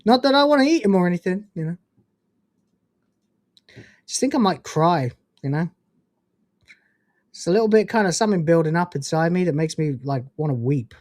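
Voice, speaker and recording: A man's voice: high-pitched, lively intonation, normal speed, pauses often, a little mellow, no echo, studio quality. A man hosting a casual livestream, ranting in a profane, incredulous way and reading out donations. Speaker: livestream host.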